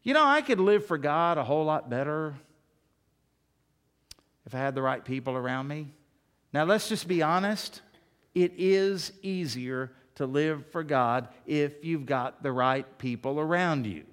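A middle-aged pastor preaching with emphatic conviction. His voice sits a little high for a man, and it climbs higher when he drives a point home. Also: animated, unhurried, a bit bright, clean tone. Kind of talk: sermon.

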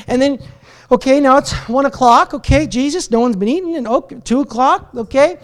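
A man preaching in a church, opening with a prayer and retelling a story in an animated, casual way, with many fillers and restarts. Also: very high-pitched, fairly quick. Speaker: pastor. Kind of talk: sermon.

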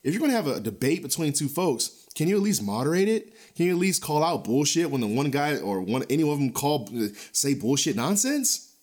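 A man hosting a podcast, ranting in a blunt, profane, animated way with frequent chuckles and a loose, rambling delivery full of restarts. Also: fairly high pitch, fairly quick. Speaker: podcast host. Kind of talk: casual ranting podcast commentary.

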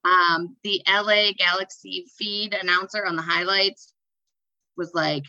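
A woman's voice: fairly low pitch, steady tone, moderate pace, bright, forceful tone, dry recording, highs cut off. A woman co-hosting a casual sports podcast, playful and jokey, laughing at her own quips. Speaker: podcast co-host.

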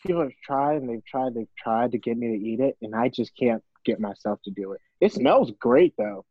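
A man's voice: medium pitch, animated, brisk, breathy edge, dry recording, highs cut off. A young man, a baseball player, chatting casually as a podcast guest and laughing through an easygoing story. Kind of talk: casual interview.

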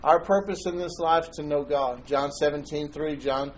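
A man's voice: on the high side, fairly even intonation, normal speed, a little hiss or hum, rough recording. A man preaching a sermon in church, conversational and joking, telling anecdotes. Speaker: pastor.

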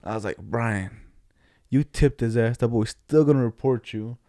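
A man's voice: medium pitch, normal speed, dark tone, no echo, clean studio sound. A young man telling a long story in casual, slangy chat, rambling with many restarts.

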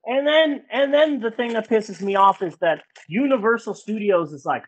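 A woman's voice: on the high side, expressive, moderate pace, hardly any pauses, husky, rough recording. A woman co-hosting a podcast, ranting angrily with lots of swearing in casual chat. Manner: angry, profane ranting. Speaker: podcast co-host.

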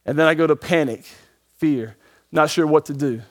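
A man preaching a sermon as pastor, moving between emphatic and hushed moments and slowing down to read scripture. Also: fairly high pitch. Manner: dynamic preaching, swings from emphatic to hushed, slow scripture reading.

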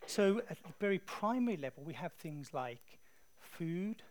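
An English man preaching a sermon in a conversational, animated storytelling way. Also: fairly high pitch, a little slow.

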